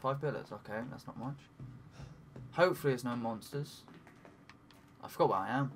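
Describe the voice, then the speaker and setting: A man giving let's play commentary while he plays, talking to himself, swearing often and breaking into excited cries. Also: medium pitch, normal speed, a little hiss or hum. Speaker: gaming commentator.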